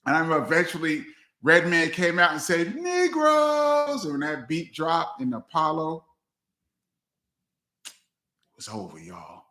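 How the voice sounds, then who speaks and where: Dj guy on a live chat telling stories loose and easy, bright sound, echoey room. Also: measured pace, long pauses. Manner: loose storyteller, acts out friends' lines with big pitch jumps. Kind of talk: casual storytelling livestream. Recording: roomy echo.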